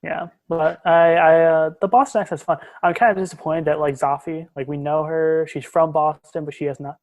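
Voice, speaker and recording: A man's voice: on the high side, steady tone, normal speed, darkish tone. A young man from Maine co-hosting a college radio podcast, rambling casually with lots of restarts and hedges. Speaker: podcast co-host. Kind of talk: casual chat.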